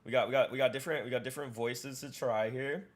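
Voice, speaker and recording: Excited streamer guy rambling, repeats himself a lot, normal middle voice. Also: medium pitch, fast. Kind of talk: casual live-stream chat.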